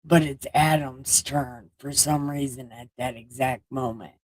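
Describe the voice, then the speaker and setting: A woman retelling scripture as irreverent comedy, deadpan, slangy and crude. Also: rumbling low, a little slow, no room sound. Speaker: comic bible reader. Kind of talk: irreverent comic storytelling.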